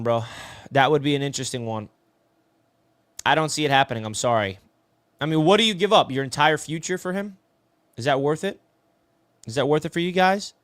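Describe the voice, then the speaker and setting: Chatty New sports host, dry mic. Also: male voice, a little high, a bit bright, dry recording. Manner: chatty, answers viewer comments, says "bro" a lot. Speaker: sports talk show host reading live chat. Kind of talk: casual live-stream sports talk.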